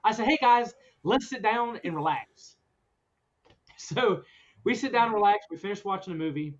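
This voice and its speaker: A high-voiced man telling a story on a podcast, animated and laughing through it. The sound is dull and lo-fi. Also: moderate pace, slight background noise. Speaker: podcast host. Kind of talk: casual storytelling chat. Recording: dull lo-fi recording.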